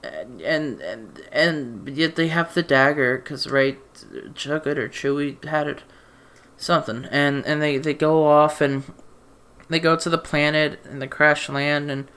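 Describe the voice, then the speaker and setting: A man's voice: on the high side, a little slow, bright, forceful tone, clear, resonant tone. A man ranting about a movie in a casual, rambling way, stammering through restarts and sounding exasperated and sarcastic. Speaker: movie reviewer. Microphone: desk mic.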